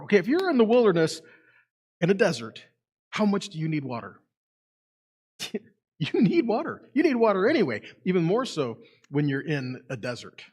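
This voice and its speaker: Male Bible teacher, fairly high voice, lively and questioning, reads verses aloud. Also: husky. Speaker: teacher at a Messianic congregation. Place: congregation meeting room.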